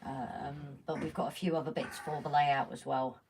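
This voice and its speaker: A woman's voice: very deep voice, fairly even intonation, normal speed, gravelly, a little mellow. Playful woman, heard from afar. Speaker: livestream co-host. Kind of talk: casual live-stream chat. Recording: voice from a distance, faint noise.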